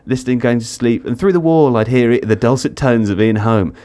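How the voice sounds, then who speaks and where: A man's voice: mid-range voice, a little fast, warm tone. A man hosting a podcast in casual chat, jokey and rambling, laughing often. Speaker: podcast host.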